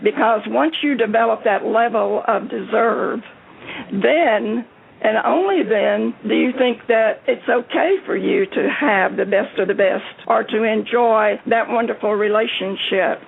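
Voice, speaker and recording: Woman panelist, gravelly texture, earnest and unhurried, phone-line sound. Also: on the high side. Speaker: panel guest, success coach. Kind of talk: motivational talk. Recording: tinny phone-like audio with faint hiss.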